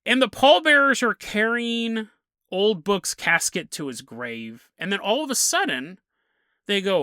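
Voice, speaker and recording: Man host telling a story, lively pitch, bright tone, dry close sound, laughs a lot, does the characters' lines. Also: measured pace, clear, resonant tone, no echo. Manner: animated, laughs often, acts out characters' lines. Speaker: podcast host. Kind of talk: casual comedic storytelling.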